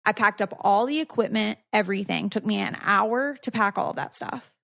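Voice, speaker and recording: A woman's voice: mid-range voice, moderate pace, gravelly, sharp tone. A woman co-hosting a podcast, telling a story in a chatty way, full of "like" fillers. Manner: chatty, many "like" fillers, quotes others in retelling. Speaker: podcast co-host. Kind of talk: casual storytelling.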